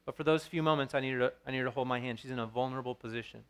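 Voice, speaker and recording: A man's voice: medium pitch, rapid-fire, a bit bright, clean tone. A man in his thirties preaching a sermon as pastor, earnest and storytelling, with frequent restarts.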